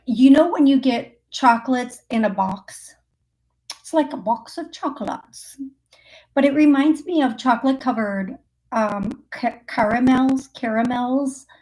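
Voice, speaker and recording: Her voice is fairly high and a little mellow as she hosts a live psychic call-in show. The medium chats through readings, laughing a lot and thinking out loud with frequent fillers.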